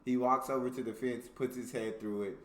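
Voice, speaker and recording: A man's voice: mid-range voice, steady tone, brisk, echoey room. An American man hosting a reaction video, reading jokes aloud in casual commentary and laughing often between them. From United States.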